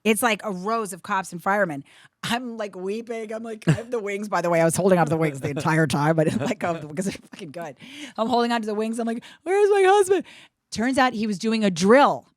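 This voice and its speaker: A middle-aged woman, a comedian guest, telling animated stories in casual chat, acting out quotes and swearing freely. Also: mid-range voice, fast talker, no echo, studio quality. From USA.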